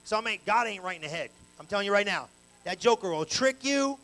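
A male pastor preaching a live evening sermon in church on a handheld mic, animated and colloquial with call-and-response. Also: high-pitched, fast, low-quality recording. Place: church sanctuary, live service. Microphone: handheld microphone.

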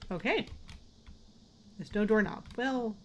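A woman's voice: medium pitch, takes it slowly, lo-fi sound, soft background music. A woman casually commentating a horror game, jumpy, swearing and talking to herself. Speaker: let's play gamer.

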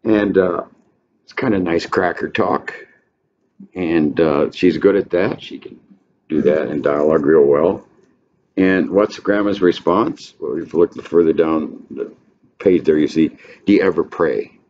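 A man with a very deep voice gives an informal lecture on literature, rambling and pausing often. The recording sounds muffled and lo-fi. A faint hiss runs underneath. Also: a little mellow. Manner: rambling, with many pauses and filler sounds. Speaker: literature presenter.

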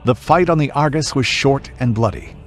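A man's voice: mid-range voice, animated, moderate pace. A man reading a passage from a sword-and-sorcery story aloud, in a grave and theatrical manner. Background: soft background music.

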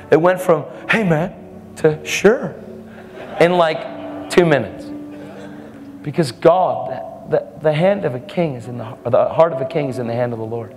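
A man preaching a storytelling sermon, animated, acting out the people in his stories with sudden jumps in pitch. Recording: long hall reverb, faint music.

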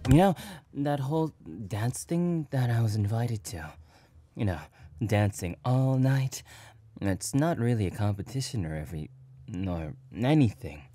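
A man's voice: mid-range voice, dark tone, no room sound. A man voicing a playful young boyfriend who rambles in a goofy, scatterbrained way and is out of breath, in a whispered role-play.

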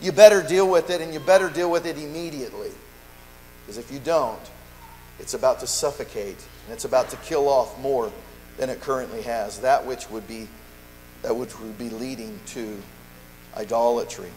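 A man's voice: mid-range voice, normal speed, a little mellow. A man preaching a sermon in earnest, acting out little exchanges between churchgoers and often restarting his words. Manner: earnest preaching, acts out dialogue, frequent restarts. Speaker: pastor. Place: church sanctuary. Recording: long reverb, faint mains hum.

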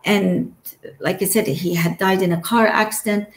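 A woman's voice: medium pitch, steady tone, normal speed, echoey room, slight background noise, low-quality recording. A woman telling a personal story as an interview guest, emotional and trailing off between phrases.

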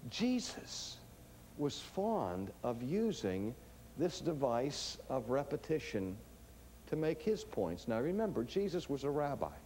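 A man delivering a teaching sermon, emphatic and dramatic, swinging between hushed lines and booming ones. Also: big pitch swings, slow pace, a little hiss or hum. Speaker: preacher.

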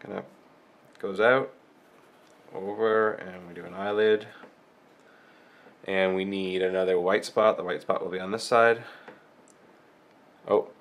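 Unhurried man teaching drawing with a cold. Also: sits low, steady tone, fairly bright tone. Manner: unhurried, thinking aloud while drawing. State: has a cold. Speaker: drawing tutorial host. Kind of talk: step-by-step drawing instruction.

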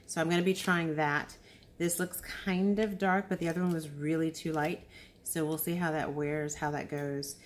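Tired, chatty low-voiced woman. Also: level tone, normal speed, a little hiss or hum. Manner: chatty, rambling, with many ums and restarts. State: tired after a long time awake. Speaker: beauty vlogger. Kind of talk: casual unboxing chat.

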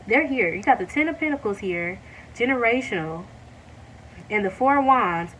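A woman giving a casual tarot reading to her viewers, talking warmly to them as y'all and breaking into excited exclamations. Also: high-pitched, far from the mic, a little hiss or hum, low-quality recording. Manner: excited, animated bursts with drawn-out exclamations; addresses viewers as y'all, many fillers. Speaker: tarot reader.

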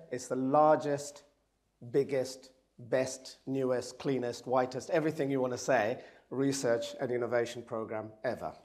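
Man, hoarse from a cold, croaky voice, jokey conference talk, addresses the audience. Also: mid-range voice, a little mellow. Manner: jokey, talks to the audience directly. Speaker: event speaker. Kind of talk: conference presentation.

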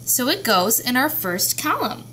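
Woman teacher, slightly high voice, slow and patient phonics delivery, faint background hiss. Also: very animated, pushed and bright. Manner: slow, patient, sounding out words. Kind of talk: classroom phonics lesson.

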